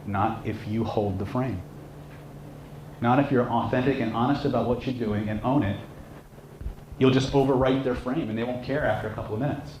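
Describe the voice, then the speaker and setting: A man with a mid-range voice teaches a live seminar at a moderate pace, telling stories in an animated way and acting out the shouting characters in them. The room is echoey, with faint background noise.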